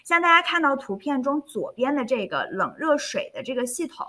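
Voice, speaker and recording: A woman hosting and interpreting a webinar over a video call, switching between Chinese and English in a cheerful, lively way. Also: high voice, a little fast.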